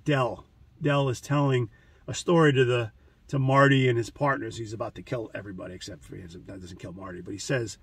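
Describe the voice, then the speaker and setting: A man's voice: medium pitch, fast, creaky, breathy edge, dry recording, distant mic. A man hosting a trading channel, talking through a casual, rambling monologue full of stories, restarts and fillers.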